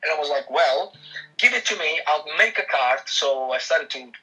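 A man with an Italian accent tells his story as a guest in a casual interview. His voice sits a little high and sounds very bright and cutting, and he acts out other people's lines as he goes. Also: moderate pace, slightly rough, soft background music, rough recording. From Italy. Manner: animated, acts out quoted dialogue, frequent restarts. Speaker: guest, real estate agent.

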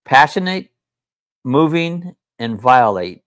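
A man's voice: medium pitch, sing-song, slow, dry recording, studio quality. A man co-hosting a live chat stream, talking casually and playfully, sometimes repeating words in a sing-song way.

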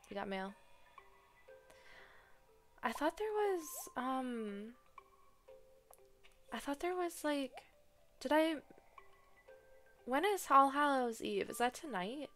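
A woman chatting casually while playing a farming video game, excitable and prone to dramatic groans. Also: fairly high pitch, takes it slowly, vocal fry, pauses often. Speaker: gaming streamer. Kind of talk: casual gameplay commentary. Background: soft game music.

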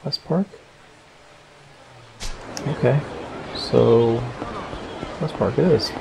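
Gravelly man muttering over gameplay. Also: medium pitch, extremely slow, noisy background. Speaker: let's-play host. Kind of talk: casual gameplay commentary.

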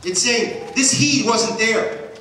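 High-voiced preaching man in echoey hall. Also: slow pace. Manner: swings from hushed to shouting. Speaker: pastor. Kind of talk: sermon. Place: church sanctuary. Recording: echoey hall, distant mic, audible noise.

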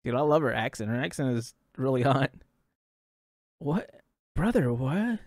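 A young man streaming reactions, talking in an excitable, rambling way and laughing between thoughts. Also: medium pitch, moderate pace, no room sound, studio quality. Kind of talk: casual reaction commentary.

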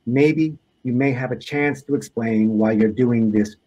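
A man voicing a homeless man who speaks formally and insists on being heard, in a husky voice. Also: mid-range voice, a little slow, warm tone, natural voice. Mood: pleading.

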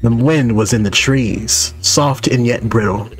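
A man voicing a boastful old male cat who spins long, drawn-out tales of his battles. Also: medium pitch, slight background noise, natural voice. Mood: boastful storytelling.

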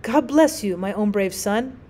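A woman voicing a gentle, fussy old grandmother in a story reading, with soft, loving speech. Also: medium pitch, animated, measured pace. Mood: soft, fussing.

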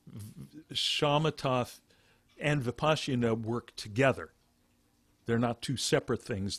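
A man teaching a meditation class who talks in halting phrases, restarting often and explaining with plain examples. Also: mid-range voice, no echo. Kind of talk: dharma talk.

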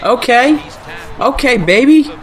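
Excitable high-voiced gamer man. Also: takes it slowly, soft background music. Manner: excitable, swears, groans and shouts at the game. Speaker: gaming YouTuber. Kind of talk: live gameplay commentary.

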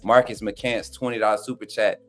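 A man's voice: on the low side, fairly even intonation, normal speed, a bit bright, soft background music. A man hosting a sports fan live stream in loose, slangy casual chat, often cracking up with laughter.

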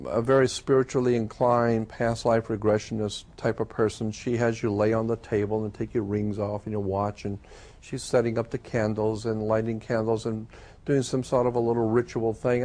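A man telling a personal story in a casual, conversational way, pausing often with "uh" and "um". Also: on the low side, flat delivery, a little mellow. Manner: conversational, with frequent "uh" and "um" pauses. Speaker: storyteller recounting a personal experience.

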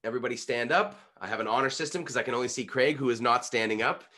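Male pitch coach, 30s, mid-pitched, upbeat and coaxing, webinar delivery. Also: fast. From Canada. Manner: energetic, coaxing, demonstrative. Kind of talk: online speaking workshop.

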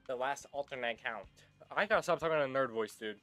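Young guy goofing off while he plays, bright forceful voice, game music faint behind. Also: mid-range voice, fast talker. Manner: goofy, rambling, calls everyone brother. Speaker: gaming YouTuber. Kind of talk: casual gameplay commentary.

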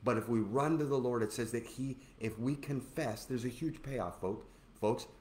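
A man teaching from the Bible in an earnest, animated preaching style. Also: mid-range voice, normal speed. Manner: earnest, animated preacher who acts out voices. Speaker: co-host of a church teaching show. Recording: echoey room with faint noise.

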